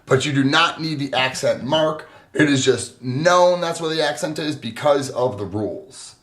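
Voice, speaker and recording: A man's voice: fairly high pitch, normal speed, a bit bright. Upbeat man co-hosting a language podcast. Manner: enthusiastic, with lots of fillers and self-corrections. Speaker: podcast co-host. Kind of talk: casual explanatory chat.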